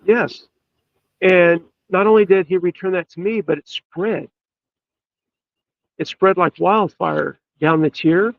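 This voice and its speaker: Man, podcast guest, earnest storytelling, high voice, dull lo-fi sound. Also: vocal fry, no echo. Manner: earnest, emphatic, with drawn-out pauses. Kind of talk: storytelling in casual chat.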